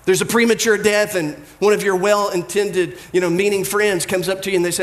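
A pastor giving a conversational sermon, telling humorous stories and mimicking people's voices. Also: male voice, sits high, steady tone, brisk, few pauses, roomy sound.

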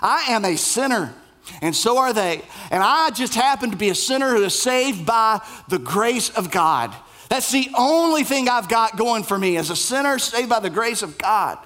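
A man preaching a sermon, with emphatic repetition and sudden drops to a hushed voice. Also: sits high, very animated, normal speed. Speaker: pastor.

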